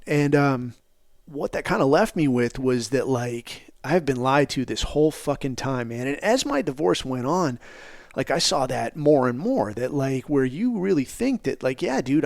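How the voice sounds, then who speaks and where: A man's voice: medium pitch, no echo, studio quality. A middle-aged man from the United States, telling personal stories in a blunt, profane, rambling way. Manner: profane, blunt, rambling, says "dude" a lot. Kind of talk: casual storytelling.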